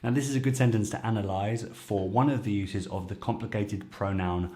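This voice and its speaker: A man's voice: on the low side, fairly quick, background noise. Patient man teaching French phrases. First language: English. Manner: patient, explains phrases step by step with examples. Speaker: French teacher and show host. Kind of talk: explaining language clips to camera.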